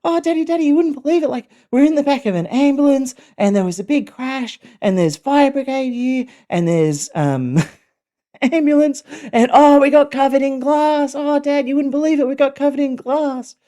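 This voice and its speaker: A man imitating his excited young children, talking breathlessly and tumbling over his words. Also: on the high side, extremely slow, pauses often, smooth, voice pushed up.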